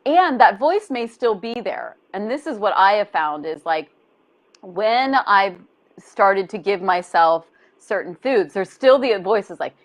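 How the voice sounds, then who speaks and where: A woman coach talking in an encouraging, conversational way, explaining her points with gentle repetition. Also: mid-range voice, poor audio. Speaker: body image coach. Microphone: video call.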